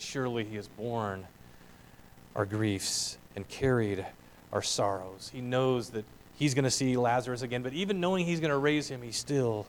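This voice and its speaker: A man's voice: lowish voice, rough recording. Earnest male preacher, faint hum. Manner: earnest, swelling emphasis then quiet reflective passages. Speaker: pastor. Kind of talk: sermon.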